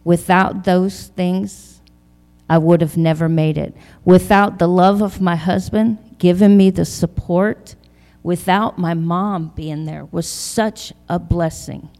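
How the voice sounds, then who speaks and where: A middle-aged woman giving a personal testimony in a church hall, halting and emotional, often repeating her words. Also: on the low side, fairly even intonation, dark tone. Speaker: church member sharing testimony.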